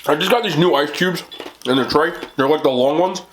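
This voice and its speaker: A man's voice: on the high side, brisk, a little hiss or hum. A tired man from New York rambling casually to his camera at home late at night, chatty and self-deprecating, laughing often. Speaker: mukbang vlogger.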